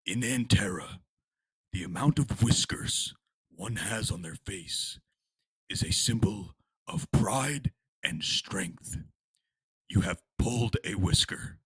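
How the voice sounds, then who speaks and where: A man voicing his proud, vengeful whiskered adventurer, speaking slowly and gravely. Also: fairly low pitch, animated, no echo, full character voice. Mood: grave menace. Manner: slow, grave, menacing speech.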